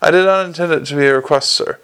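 A man playing an earnest young watch captain in an audiobook, always courteous but firm when pressed. The voice is slightly high with a gravelly grain. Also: quick pace, a bit bright. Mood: polite, firm.

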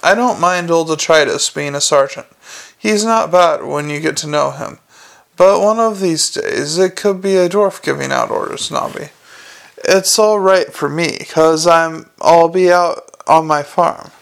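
This is a self-important old city watch sergeant, put on by a man, with a rambling, folksy way of lecturing. The voice sits a little high and carries a gravelly edge. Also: measured pace, a bit bright. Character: aging male city watch sergeant, pompous, set in his ways.

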